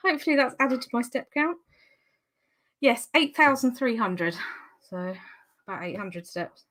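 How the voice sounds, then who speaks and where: A woman's voice: on the high side, expressive, normal speed, long pauses, a bit bright. A woman with a Geordie accent chatting casually on a live stream, slightly out of breath, laughing often and breaking off mid-sentence. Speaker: vlogger hosting a live stream.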